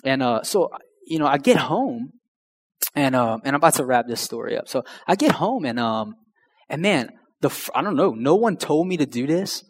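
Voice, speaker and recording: A man's voice: mid-range voice, lively intonation, moderate pace. A young man telling his personal testimony in a slangy, conversational way that addresses the crowd directly. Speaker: speaker sharing a testimony. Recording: long hall reverb.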